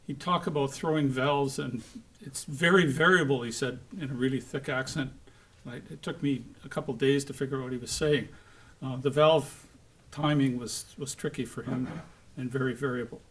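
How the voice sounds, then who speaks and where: Lively joking man giving a lecture. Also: fairly high pitch. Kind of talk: conference talk. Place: lecture hall before a live audience.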